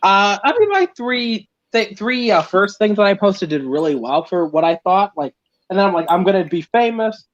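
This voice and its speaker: Young man, slightly high voice, self-mocking rambler, muffled lo-fi call audio. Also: expressive, moderate pace, dry recording. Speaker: guest on a live stream. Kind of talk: casual chat.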